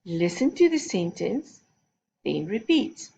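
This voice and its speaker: Slow, lively woman teaching young children. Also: lowish voice, vocal fry, breathy edge. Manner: patient, step-by-step instructions to a child. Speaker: primary school teacher. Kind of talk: recorded phonics lesson for young children.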